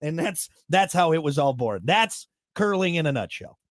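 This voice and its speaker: A man's voice: fairly high pitch, animated, moderate pace, dry recording, clean studio sound. A man hosting a morning show, rambling and joking in casual banter, wired on caffeine. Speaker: show host.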